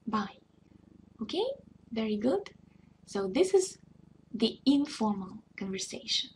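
A woman teaching a beginner language lesson, speaking in a patient, deliberate way and repeating phrases for learners to echo. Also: on the high side, animated, a little mellow. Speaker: Russian tutor.

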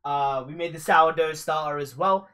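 A man's voice: on the high side, moderate pace, pushed and bright. A young man hosting a cooking live stream, chatting casually with lots of fillers and laughs. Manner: laughs often, rambling with fillers.

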